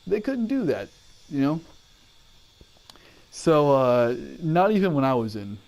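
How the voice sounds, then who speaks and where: A man's voice: on the high side, big pitch swings, takes it slowly, darkish tone. Profane, rambling army veteran man. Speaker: army veteran telling training stories. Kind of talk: casual storytelling to camera.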